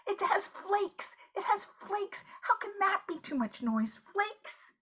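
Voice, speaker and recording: A woman's voice: very high-pitched, very animated, takes it slowly, sharp tone, heavily acted. A woman in a live improv scene, playing a talkative, fussing friend who is spooked by silence, repeating words as she frets. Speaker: improv performer.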